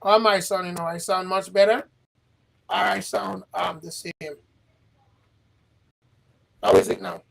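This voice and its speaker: A man hosting a livestream who talks in a halting, repetitive way and keeps asking his audience questions. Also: high voice, steady tone, creaky, a bit bright, slightly rough, low-quality recording. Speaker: livestream host. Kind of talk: casual livestream chat. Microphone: livestream setup.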